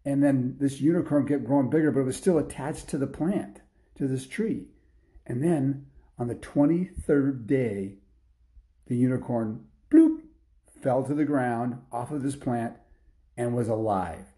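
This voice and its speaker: A man's voice: medium pitch, unhurried, warm tone. A man telling an improvised children's story in a rambling way, with restarts and sound effects.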